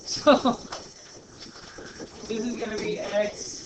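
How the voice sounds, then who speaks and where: A male teacher working through a problem step by step in a classroom lesson, chatty and thinking out loud. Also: high voice, unhurried. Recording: noisy classroom recording.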